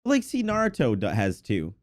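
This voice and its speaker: A man co-hosting an anime podcast in casual chat, congested from allergies, animated and quick to swear and laugh. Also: lowish voice. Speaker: podcast co-host.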